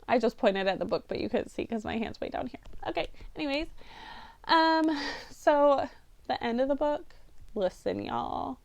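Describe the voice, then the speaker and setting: A woman's voice: high-pitched, lively intonation, normal speed, gravelly. A young woman chatting to camera as a book vlogger, rambling and emotional. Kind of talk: casual chat to camera.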